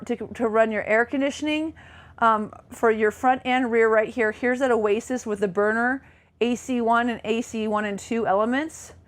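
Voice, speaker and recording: A woman giving a casual, chatty walkthrough of a motorhome as a presenter, enthusiastic and full of fillers. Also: on the high side. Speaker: RV sales presenter. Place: inside a motorhome.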